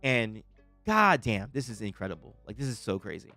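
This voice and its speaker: A young man hosting a live stream, reacting to a trailer with excited, stammering restarts and frequent laughter, greeting viewers in chat. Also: lowish voice, normal speed, soft background music. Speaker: livestream host reacting to a trailer.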